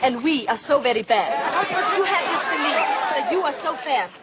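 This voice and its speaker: A Soviet boxer's wife facing the press in a film, her voice high and measured. Heavy crowd noise fills a large hall around her. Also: animated. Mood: accusing.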